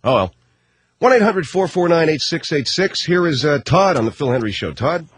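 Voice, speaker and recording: A man's voice: a little high, very animated, moderate pace, slight background noise. A man hosting a comic talk radio show, chatty and wry, speaking into a studio microphone. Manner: wry and chatty, full of fillers.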